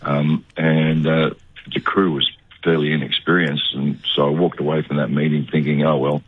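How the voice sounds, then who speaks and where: An older Australian man, an actor, telling stories in a relaxed way during a radio interview. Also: very deep voice, normal speed, breathy edge, no echo, narrow, tinny audio. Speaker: actor guest.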